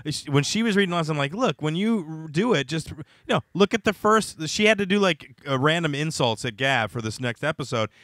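A man's voice: fairly high pitch, lively intonation, a little fast, few pauses, a bit bright, dry recording. A man hosting a casual comedy podcast, joking and laughing through banter. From United States. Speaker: podcast host.

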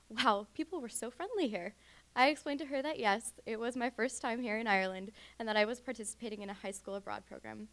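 A woman's voice: fairly high pitch, fast talker, a bit bright. A young adult woman reading her first-person story aloud at a graduate student reading.

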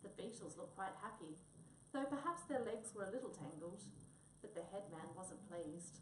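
A woman's voice: medium pitch, normal speed, few pauses, a little hiss or hum. A woman reading a children's story aloud, recorded in a roomy space from a distance. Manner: expressive storytelling. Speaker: reader. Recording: roomy, distant mic, faint ambience.

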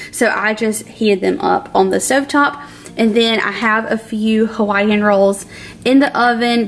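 A woman hosts a casual cooking vlog from her home kitchen, talking in a bubbly, chatty way and saying "like" a lot. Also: fairly high pitch. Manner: bubbly, chatty, says "like" often. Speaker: cooking channel host.

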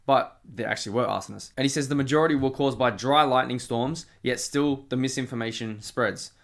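A man's voice: mid-range voice, a bit bright. A young man, giving casual, sarcastic reaction commentary as the host of his channel. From Australia. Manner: sarcastic, combative. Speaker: political commentary YouTuber.

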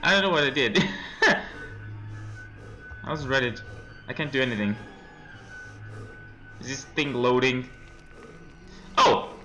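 A man's voice: mid-range voice, lively intonation, a little slow, pauses often, pushed and bright, soft background music, rough recording. A young man playing a horror game, reacting with startled outbursts and nervous laughs while reading the game text aloud. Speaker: let's play gamer.

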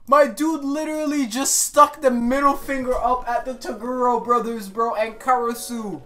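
A woman hosting a casual anime reaction video, excitable and slangy, talking back at the screen with frequent exclamations and laughter. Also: on the high side, normal speed, few pauses. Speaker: reaction channel host.

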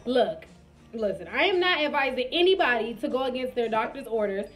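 A woman's voice: fairly high pitch, a little fast, faint music behind. Chatty young woman telling her story. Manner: chatty, addresses viewers directly; animated retelling with quoted dialogue. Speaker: vlogger. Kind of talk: casual storytime vlog.

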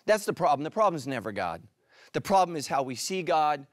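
A middle-aged pastor from California preaching a sermon, telling jokes and then dropping to a quiet, earnest tone. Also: male voice, fairly high pitch, very animated, normal speed, no echo, studio quality. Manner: joking storyteller, drops to a quiet earnest tone.

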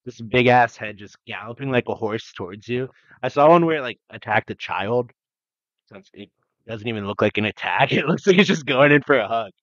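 A young man co-hosts a casual podcast, rambling through an animated, swear-filled tall tale and laughing along the way. His voice sits at an ordinary middle pitch. The recording is dry and slightly muffled. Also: fairly quick, no room sound. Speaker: podcast co-host. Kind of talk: casual chat.

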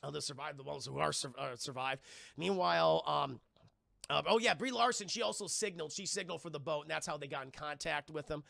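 A young man streaming a casual, excitable movie recap to his live chat, swearing often and calling out to the chat as he goes. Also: on the high side, a little fast, vocal fry, no room sound, clean studio sound.

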